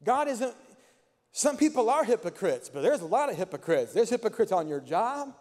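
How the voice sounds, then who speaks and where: A man's voice: high-pitched, very animated, normal speed, darkish tone, big-room sound. A man preaching a sermon as pastor, with an impassioned, repetitive cadence in a church sanctuary.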